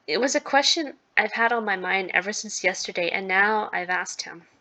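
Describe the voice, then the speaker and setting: Reading visual novel narration, this woman voices a timid, jittery teenage girl's thoughts and lines with anxious, self-deprecating earnestness. Her pitch sits in the middle, her pace is moderate, and her sharp tone stays near an everyday speaking voice.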